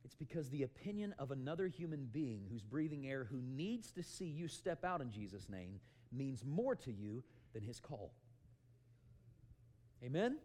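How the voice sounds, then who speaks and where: A middle-aged man preaching a sermon, telling animated stories and calling out "amen" to the congregation. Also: medium pitch, moderate pace. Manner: loud, animated storytelling with calls of "amen".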